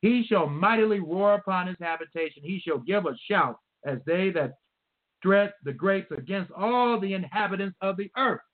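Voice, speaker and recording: A man preaching a sermon, reading scripture slowly and stressing his points with emphasis. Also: sits high, lively intonation. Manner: emphatic, reads scripture slowly and repeats verse numbers. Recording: tinny phone-like audio.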